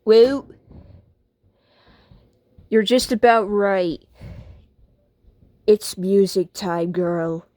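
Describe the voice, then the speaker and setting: A woman playing the calm, patient owner in a homemade skit, speaking in a low-key way. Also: very slow, long pauses, dry recording, studio quality. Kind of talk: homemade skit role-play.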